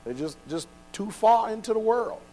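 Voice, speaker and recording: A man preaching a sermon, dropping to quiet, low passages and then building to loud, shouted exhortation. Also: animated, moderate pace, slight background noise, low-quality recording.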